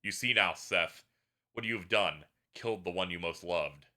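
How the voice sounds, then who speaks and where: A man reading out the lines of a smug male villain taunting his defeated foe, in his own low voice. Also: moderate pace, pushed and bright. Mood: gloating. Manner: mocking, taunting.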